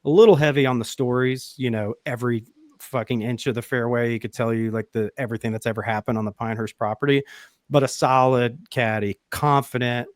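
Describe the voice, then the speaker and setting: Animated, swearing man telling a podcast story. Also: medium pitch, a little fast, no room sound, clean studio sound. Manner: animated storyteller, swears freely, laughs mid-sentence. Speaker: podcast host. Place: podcast studio.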